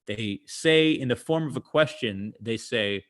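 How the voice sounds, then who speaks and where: A male comedian telling jokes and stories in a chatty way over a video call, often pausing to explain the punchline and using plenty of "uh" fillers. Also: mid-range voice. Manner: acts out characters' lines in quoted voices. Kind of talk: comic storytelling talk.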